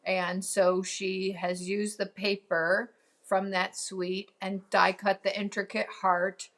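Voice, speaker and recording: Woman host, mid pitch, gravelly fry, rambling live-stream chat with viewers. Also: level tone, slow, fairly bright tone. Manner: chatty, answers viewer comments, many ums and laughs. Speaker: crafting show host.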